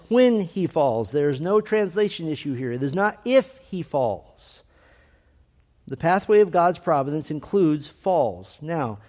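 A man preaching a sermon to his congregation, earnest and emphatic, slowing down to stress key phrases. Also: on the high side, mellow. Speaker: pastor.

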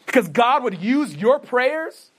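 Preacher guy, high-pitched, earnest, asks and answers his own questions, stutters a bit. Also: very animated, slow pace, a bit bright, husky. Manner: says he stutters, with frequent restarts. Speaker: pastor. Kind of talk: sermon.

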